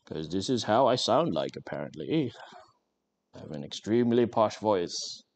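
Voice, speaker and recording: A man's voice: lowish voice, very animated, normal speed, darkish tone. A man putting on a prim, haughty posh voice as an impression of a tea-loving viewer.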